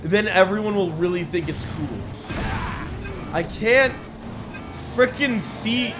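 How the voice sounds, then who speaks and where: A man commentating his gameplay, sarcastic and excitable, often shouting at the game. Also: sits high, takes it slowly, background noise. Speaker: gaming video host. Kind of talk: let's play commentary.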